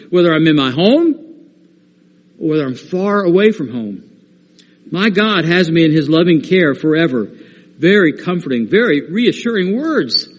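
A man's voice: fairly high pitch, breathy edge, long reverb tail. A man preaching a sermon, earnest and rising to emphatic stress when he quotes scripture.

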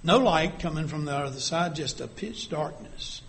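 A man preaching a sermon, reading scripture aloud and dropping to a hush for vivid scenes. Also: on the high side, animated, normal speed, a little hiss or hum.

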